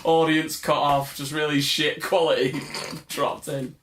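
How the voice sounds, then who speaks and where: A man's voice: fairly high pitch, flat delivery, a little slow, noisy background. A young man, co-hosting a podcast at his house in casual, rambling chat, laughing and swearing freely. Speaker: podcast co-host. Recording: echoey room.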